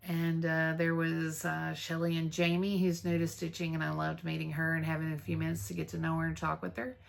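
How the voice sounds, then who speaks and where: Her voice is low, gravelly and monotone, and she talks briskly as she rambles through her news in a stitching vlog. The Flosstube vlogger, from North Texas, is chatty, uses fillers, and speaks warmly about her friends.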